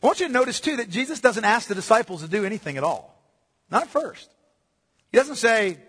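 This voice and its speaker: Speaking a little fast, this pastor delivers an animated sermon in a high, bright, somewhat husky voice, dropping to hushed tones before climbing to ringing peaks. He addresses the congregation as beloved, and a long sanctuary reverb trails his words.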